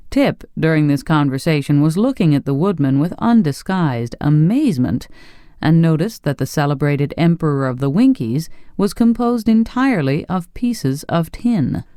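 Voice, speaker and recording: An audiobook narrator reading a fantasy tale in a measured storytelling way. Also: medium pitch, animated, mellow, clear, resonant tone, dry recording, studio quality. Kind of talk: scripted narration.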